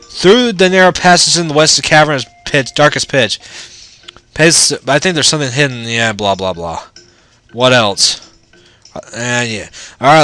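A man's voice: mid-range voice, sharp tone, dry recording. A man giving casual, rambling, profane commentary while playing through a video game. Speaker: let's play gamer.

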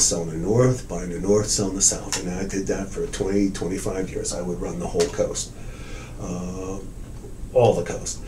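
An older art dealer with a deep voice tells stories in an oral history interview, with noise in the background. He's an animated storyteller who acts out quoted lines and swears freely.

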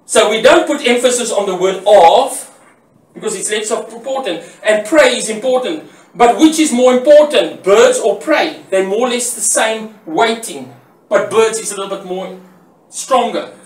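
A man's voice: high voice, lively intonation, normal speed. A man teaching graphic design in a classroom lecture, explaining step by step, repeating key words and asking questions he then answers himself. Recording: roomy echo, voice from far off the mic.

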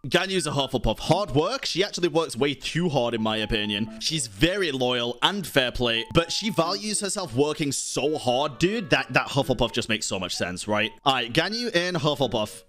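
A young man streaming, chatting casually to his live chat, animated and swearing freely. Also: fairly high pitch. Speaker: streamer ranking game characters.

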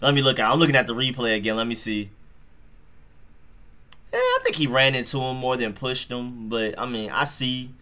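A man hosting a live football reaction stream, talking straight to his chat in an excitable, slangy way. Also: mid-range voice, normal speed, pauses often.

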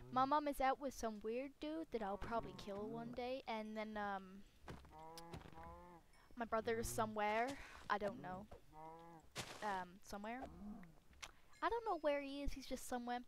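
A young woman with a slightly hoarse voice talking casually over her gameplay at home, rambling and self-mocking, with sudden loud squeals. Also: fairly high pitch, moderate pace, long pauses, slight background noise. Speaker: gaming YouTuber.

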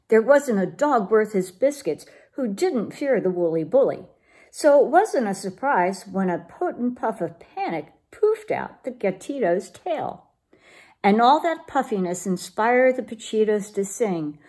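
A woman reads a children's picture book aloud with lively, expressive storytelling. Her voice is a little husky and sits fairly high, and her pitch rises and falls freely. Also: a little slow. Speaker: children's program leader.

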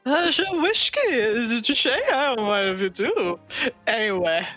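Give me a woman playing a sheepish drunk courtier, slurred and slow. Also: on the high side, animated, fairly bright tone, dull audio, faint music behind. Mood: drunk, apologetic.

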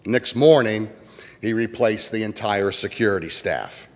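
A pastor from the American Midwest preaching a sermon, telling folksy stories with jokes. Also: male voice, on the low side, a little slow. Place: church sanctuary. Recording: long church reverb.

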